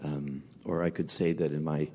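A man preaching in a conversational, halting way with frequent fillers. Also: a bass voice, level tone, dark tone. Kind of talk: sermon.

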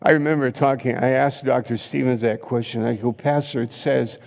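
A man preaching a sermon in a church, emphatic, with sudden loud rises and repeated phrases. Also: medium pitch, steady tone, moderate pace, vocal fry, big-room sound. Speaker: pastor.

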